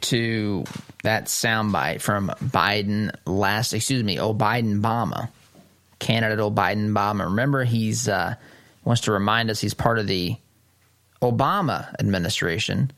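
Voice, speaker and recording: A man's voice: lowish voice, unhurried, a bit bright. A man hosting a radio talk show, delivering a sarcastic, mocking political commentary monologue.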